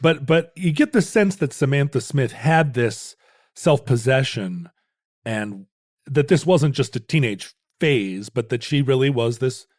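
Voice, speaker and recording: Male co-host, musing and playful, average pitch, dry close recording. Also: expressive, unhurried, darkish tone, no echo. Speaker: podcast co-host. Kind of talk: casual chat.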